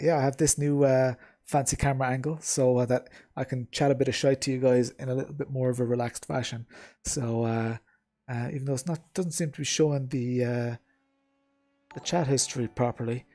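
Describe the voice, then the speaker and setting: A man's voice: mid-range voice, steady tone, fairly quick, warm tone. Chatty man streaming his sim racing. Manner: chatty, rambling, lots of ums and uhs. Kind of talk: casual livestream chat while gaming.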